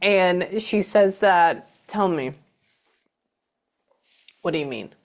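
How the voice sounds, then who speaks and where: A woman's voice: on the low side, lively intonation, slow. Middle aged lady doing a psychic reading, chatty, keeps going "they go like this". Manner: chatty, relays messages with quoted voices. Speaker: medium giving a reading.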